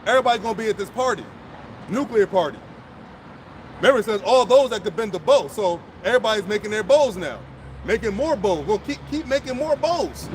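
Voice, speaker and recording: A man's voice: high voice, lively intonation, a little fast, a little hiss or hum. A man preaching outdoors, blunt and profane, fired up and repeating himself as he drives each point home. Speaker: street preacher. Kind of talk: impassioned outdoor sermon.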